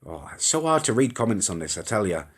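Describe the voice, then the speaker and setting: With a fairly low, slightly rough voice that swings widely in pitch, a young man hosts a casual live stream at a quick pace. He's chatty and rambling, reading viewer comments and reacting as they scroll, with mild swearing, recorded via phone or webcam.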